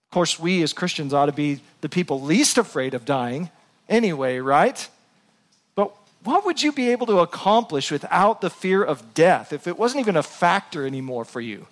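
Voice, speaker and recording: A male pastor preaching a sermon in a slightly high voice. He speaks earnestly to his congregation and rises into impassioned appeals. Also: animated, normal speed. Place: church before a congregation.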